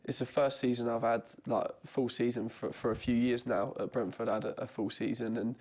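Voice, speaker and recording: A man's voice: mid-range voice, flat delivery, a little fast, a little mellow. A man, a goalkeeper guest from southern England, answering interview questions earnestly with some hesitation.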